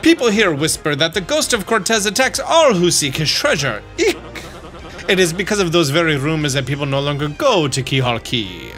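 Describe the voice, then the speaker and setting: Man doing a pompous sailor-merchant, mixed foreign accent, theatrical, grandiose, high bright voice. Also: very animated, a little fast, soft background music. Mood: dramatic boasting. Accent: vague mixed foreign accent. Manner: grandiose, theatrical, self-important. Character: pompous flamboyant male sailor-merchant braggart.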